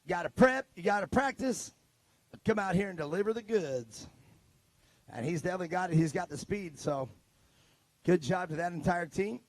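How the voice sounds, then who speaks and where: A man's voice: high-pitched, lively intonation, normal speed, long pauses, no echo. Chatty man announcing at a race track. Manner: joking, chatty with drivers and crews. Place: outdoor race track pits. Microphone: handheld mic.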